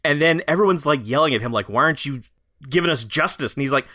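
A man in a casual movie chat, animated and profane, mocking scenes with exaggerated impressions. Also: on the high side, fast, no room sound, clean studio sound.

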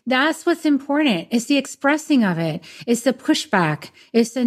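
A woman's voice: a little high, animated, fairly quick, few pauses, darkish tone. A woman in her fifties hosting a podcast conversation, talking in an earnest, emphatic way. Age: 50s. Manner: earnest and emphatic, speaking up for herself. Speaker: podcast host. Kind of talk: casual conversation.

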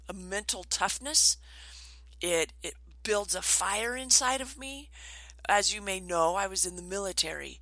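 A middle-aged woman trainer telling stories in an animated way, acting out the voices she quotes. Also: lowish voice, no room sound, low-quality recording. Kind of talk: storytelling talk.

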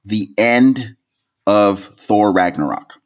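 A man co-hosting a podcast, telling a story in casual chat. He is animated, swears freely and breaks into high laughing peaks. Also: slow. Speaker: podcast co-host.

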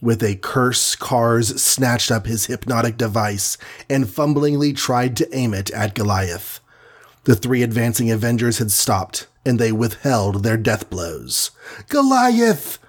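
A man's voice: mid-range voice, unhurried, slightly rough. A man narrating a superhero storybook with a dramatic, vivid reading. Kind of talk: scripted audiobook narration.

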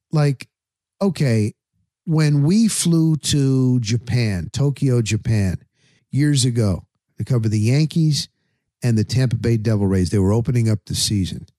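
A man's voice: medium pitch, mellow, dry recording, clean studio sound. A middle-aged man hosting a sports talk show, telling a story casually and acting out his own thoughts in quotes. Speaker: sports radio and podcast host.

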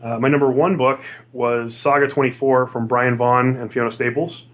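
A man hosting a casual comics podcast, upbeat and quick to laugh. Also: mid-range voice, level tone, a bit bright, muffled recording. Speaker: podcast host. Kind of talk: casual podcast chat and ad read.

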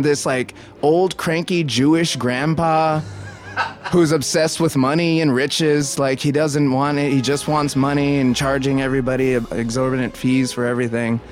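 A man giving casual film commentary, thinking aloud and digressing with many restarts. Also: medium pitch.

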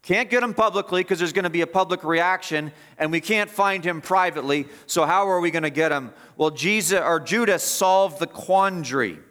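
A man's voice: high voice, moderate pace, hardly any pauses, bright, forceful tone. A man preaching an expository sermon as pastor, emphatic and repeating phrases for stress.

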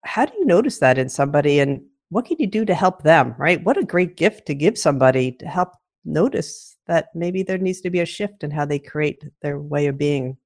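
A woman's voice: deep voice, animated, brisk, hardly any pauses, darkish tone. A woman co-hosting a podcast, talking earnestly and gratefully about her experience before asking her partner a question. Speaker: podcast co-host. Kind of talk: podcast conversation.

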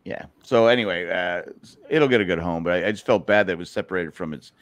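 A man co-hosting a podcast, telling stories in a gruff, profane, casual way. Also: low-pitched, fast talker, fairly bright tone, lo-fi sound. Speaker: podcast co-host. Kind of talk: casual chat.

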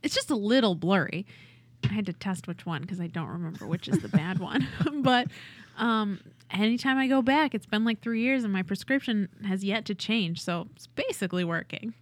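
A woman's voice: mid-range voice, expressive, normal speed, dry recording. Giggly woman with a dry, close sound. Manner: giggly, playful. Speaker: podcast co-host. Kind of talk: casual chat.

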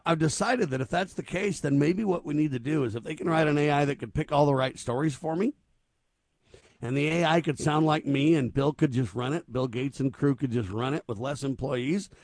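A man's voice: on the high side, fairly quick, darkish tone, dry recording, studio quality. A man hosting a talk show, chatting casually and joking as he puts questions to his co-hosts.

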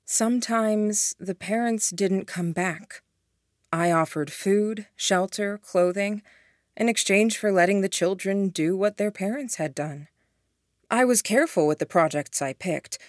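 A woman's voice: mid-range voice, unhurried, no room sound, studio quality, natural voice. Woman reading an earnest, pleading witch. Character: remorseful middle-aged woman, a witch, pleading.

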